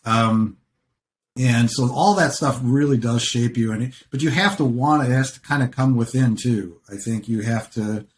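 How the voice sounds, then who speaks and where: A man's voice: mid-range voice, moderate pace, slight background noise. Reflective male podcast host. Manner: reflective, repeats himself while thinking. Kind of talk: conversational interview.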